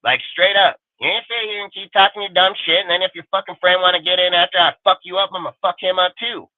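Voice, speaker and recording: A man's voice: sits high, steady tone, fast, dry recording. A male sports talk host on a panel show, ranting with aggressive, boastful and profane insults. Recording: dry tinny phone-like sound.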